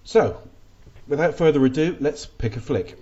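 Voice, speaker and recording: A man's voice: on the high side, lively intonation, normal speed, over loud music. A man hosting a casual film podcast, chatty and often restarting his sentences. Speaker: podcast host. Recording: dull lo-fi podcast audio.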